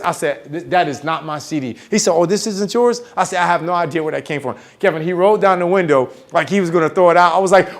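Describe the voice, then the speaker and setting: Animated man telling a story on stage. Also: high-pitched, fast. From United States. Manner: animated, acts out dialogue with big swings in volume. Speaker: motivational speaker. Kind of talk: storytelling keynote talk.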